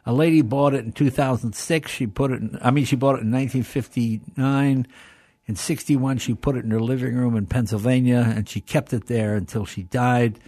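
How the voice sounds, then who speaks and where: Talking a little fast in a medium-pitched voice with no echo, an older guest shares anecdotes in a relaxed conversation. He's animated, performing the voices of whoever he's quoting.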